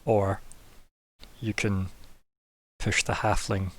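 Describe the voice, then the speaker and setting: A man's voice: fairly low pitch, little pitch movement, takes it slowly. A man running a tabletop game as game master, in casual talk, laughing often and asking the players what they do.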